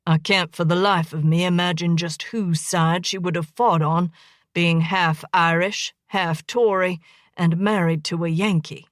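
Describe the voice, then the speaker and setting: A woman's voice: lowish voice, steady tone, measured pace, dry recording, close to an everyday voice. Woman doing a wry sea captain husband, dry and amused, close dead sound.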